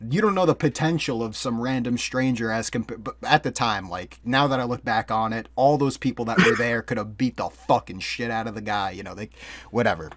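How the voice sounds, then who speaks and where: A young man in the middle of a casual podcast story, talking at a mid pitch and swearing freely. His talk is loose and rambling, packed with fillers. The sound is dry and close to the mic, with little room behind him. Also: a little fast, a bit bright, no room sound. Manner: profane, rambling, full of fillers. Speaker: podcast co-host.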